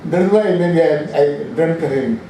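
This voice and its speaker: An Indian English-accented scientist in his eighties delivers a rambling, anecdotal inaugural address in a large hall, often restarting and correcting himself. His slightly high voice is unhurried and mellow. Captured from far away in a very echoey space, the recording carries a little hiss or hum.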